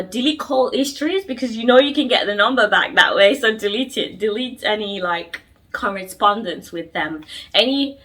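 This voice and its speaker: A woman's voice: mid-range voice, sharp tone, far from the mic. A young woman hosting a podcast, telling a personal story in a casual, emphatic way and repeating words for stress. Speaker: podcast host.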